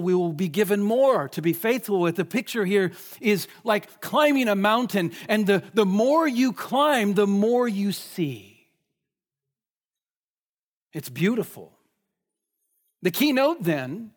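A man preaching a sermon in a conversational way, often asking the listeners questions. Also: high voice. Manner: conversational, asks the congregation questions.

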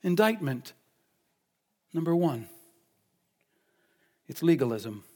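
A man preaching a sermon emphatically, asking rhetorical questions and slowing down to stress key points. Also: a little high, big pitch swings, darkish tone.

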